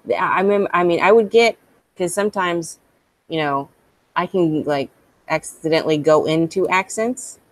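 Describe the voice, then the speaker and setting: A woman's voice: lowish voice, moderate pace, dry recording. A woman chatting casually, swearing freely and laughing often. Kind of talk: casual chat.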